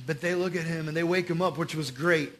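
Man, youth pastor, casual sermon, slangy, bright high voice. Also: a little fast. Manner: slangy, animated storytelling.

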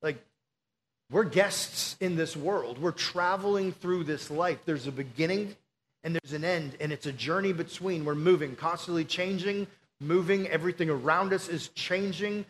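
A man's voice: a little high, normal speed, a bit bright. A male pastor, preaching a sermon in an earnest, pleading, conversational way.

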